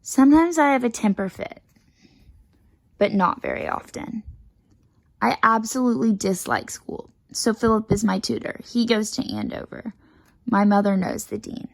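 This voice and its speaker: A woman reads a children's storybook aloud with a heavily gravelly, fry-laden voice. She tells it lively in the first person, like a chatty, bossy little girl. The sound is close and dry, with no room around it. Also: medium pitch, moderate pace, no room sound, poor audio. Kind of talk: reading a picture book aloud.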